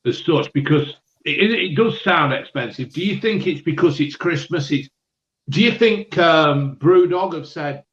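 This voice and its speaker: Man, fairly high voice, chatty co-host, asks lots of questions, roomy lo-fi sound. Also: expressive, moderate pace, a bit bright. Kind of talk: casual livestream beer chat.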